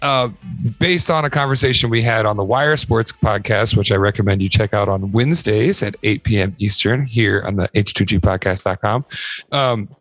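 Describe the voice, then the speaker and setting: A man's voice: fairly low pitch, moderate pace, a bit bright, dry recording, faint music behind. An upbeat man from Ohio hosting a casual podcast chat, laughing often. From Northern Ohio. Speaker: podcast host.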